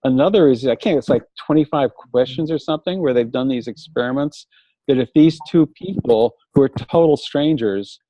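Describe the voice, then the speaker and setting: A man speaking as a guest in a casual discussion, explaining ideas and telling anecdotes in a measured way. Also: medium pitch, dark tone, no echo. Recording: dull dry lo-fi audio.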